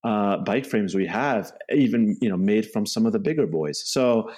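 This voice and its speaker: The guest here is a male co-founder of a bike company, rambling through a casual interview and leaning heavily on "you know" and "right?". He has a lowish, slightly mellow voice, expressive and delivered at normal speed.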